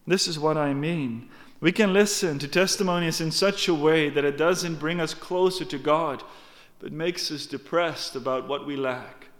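Male preacher, emphatic sermon delivery, slightly high voice, long hall reverb. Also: normal speed. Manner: emphatic, earnest, addresses congregation directly.

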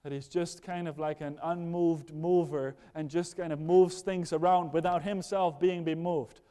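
An earnest man preaching from the pulpit, his fairly high voice carrying a mellow, dark tone. He drops to near-hushed passages, then rises with urgency. His words ring out into the long reverb of a large church hall. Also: fairly even intonation, moderate pace, clean tone. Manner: earnest, moving between hushed and raised passages. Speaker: pastor. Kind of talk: sermon.

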